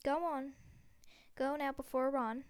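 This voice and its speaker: A woman reading as a kindly, brisk mother. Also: sits high, steady tone, no room sound. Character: kindly plump mother of many sons.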